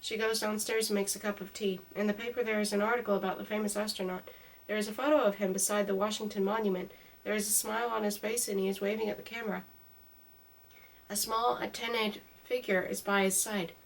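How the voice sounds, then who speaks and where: A woman reading a storybook aloud in a calm, even way, her mic a little distant. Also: medium pitch, fast, vocal fry.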